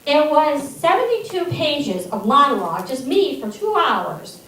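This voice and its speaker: High-voiced woman doing stand-up in an echoey hall. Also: measured pace, far from the mic, slight background noise. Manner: animated, self-deprecating, wry. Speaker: student stand-up comedian. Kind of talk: stand-up storytelling. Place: comedy theater stage.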